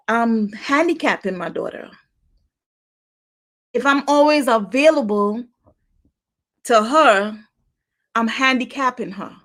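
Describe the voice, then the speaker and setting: Slow-talking chatty woman. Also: fairly high pitch, a bit bright. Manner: chatty, repeats herself, laughs often. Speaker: podcast host. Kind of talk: casual monologue.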